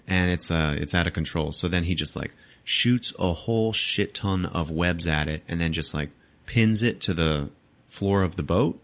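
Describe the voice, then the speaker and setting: A podcast host recaps a movie in loose, casual chat, swearing and laughing as he acts out the scenes. His voice sits low and moves at a normal speed.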